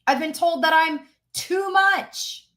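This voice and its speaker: A high-pitched woman hosts a live-stream coaching session. She talks with energy and preaches, repeating her main points for emphasis. She sounds like a business coach rallying her audience. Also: slow, fairly bright tone.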